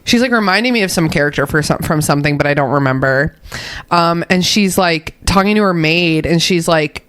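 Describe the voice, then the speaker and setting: A young woman co-hosting a podcast, talking about a book in a chatty, swearing way, full of "like" and quick laughs. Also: low-pitched, fairly bright tone. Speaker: podcast co-host. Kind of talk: casual book discussion.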